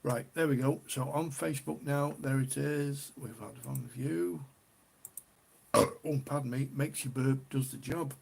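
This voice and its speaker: A man's voice: mid-range voice, steady tone, measured pace, gravelly, darkish tone, slightly rough. A middle-aged man from the UK hosting a casual beer live stream, chatty and rambling, often repeating himself. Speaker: beer livestream host.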